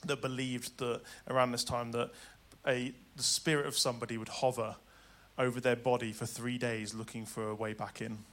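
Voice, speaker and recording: Bright, dramatic male preacher. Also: mid-range voice, little pitch movement, moderate pace, few pauses. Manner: dramatic, swings from loud urgency to hushed tenderness. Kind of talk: sermon.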